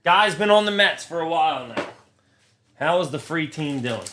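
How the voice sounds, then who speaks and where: A man's voice: a little high, lively intonation, normal speed, noisy background. A young man hosting a live trading card break, talking to his chat, frustrated and swearing often. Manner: profane, frustrated, talks to chat.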